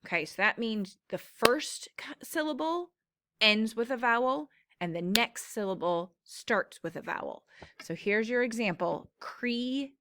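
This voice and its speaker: A woman's voice: on the high side, expressive, a bit bright, no room sound, clean studio sound. A woman teacher patiently explaining syllable patterns in a classroom phonics lesson. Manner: slow, patient explaining with drawn-out words.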